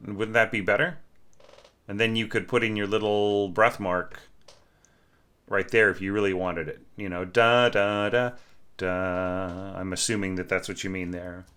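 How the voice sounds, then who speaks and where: A man's voice: lowish voice, flat delivery, normal speed, bright, forceful tone. A man teaching orchestration, critiquing a student score in a conversational way, humming phrases and often asking "right?".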